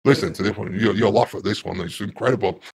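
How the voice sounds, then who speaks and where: A man, a guest telling his own story in a rambling, repetitive way that turns loud and agitated. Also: lowish voice, fast talker, gravelly, husky. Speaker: interview guest. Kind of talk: casual first-person storytelling.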